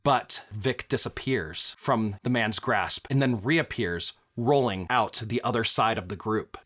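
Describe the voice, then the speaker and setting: A man running a tabletop game as game master, narrating the action lively and chuckling often. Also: fairly low pitch, measured pace. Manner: lively narration, breaks into laughs.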